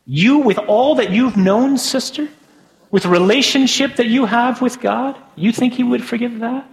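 A man's voice: very high voice, normal speed, vocal fry, voice pushed up. A priest voicing the devil as a taunting male accuser spirit with a needling, mocking manner.

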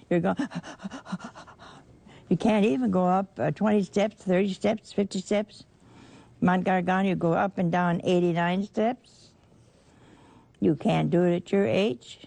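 Older lady preaching, slow and gravelly, kind of husky, folksy and teasing. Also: medium pitch, warm tone, no echo. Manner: folksy, teasing, acts out voices from the parable. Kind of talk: sermon.

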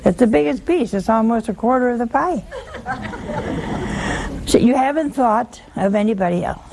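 A woman's voice: fairly high pitch, lively intonation, moderate pace, vocal fry, noisy background. A woman giving a folksy sermon, chatty and teasing, full of rhetorical questions to her listeners. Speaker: religious teacher.

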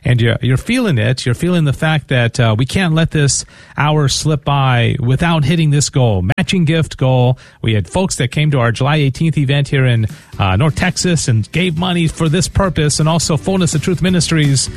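A man's voice: a little high, moderate pace, dry recording. Chatty man hosting a radio pledge drive. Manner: talkative, repeats words often. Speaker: radio fundraiser host. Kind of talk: casual on-air fundraising appeal. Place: radio studio.

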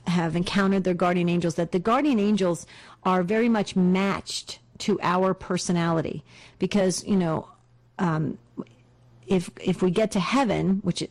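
A woman hosting a call-in radio show, bubbly and quick to laugh, thanking callers warmly. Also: mid-range voice. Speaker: radio host.

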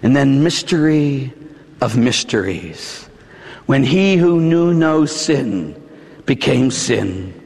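Preacher man yelling a sermon, slow with big pauses, echo all over the church. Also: medium pitch, very animated, gravelly. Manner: shouting, emphatic, dramatic pauses. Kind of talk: fiery sermon. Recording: long hall reverb.

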